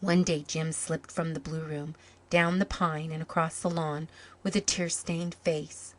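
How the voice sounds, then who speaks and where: A woman reading a story aloud in calm, measured scripted narration. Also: low-pitched. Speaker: story reader.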